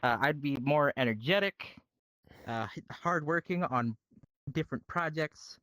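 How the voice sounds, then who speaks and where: A man's voice: fairly high pitch, a little slow, fairly bright tone, dry recording, rough recording. A man auditioning for a roleplay, answering questions casually with many fillers and restarts.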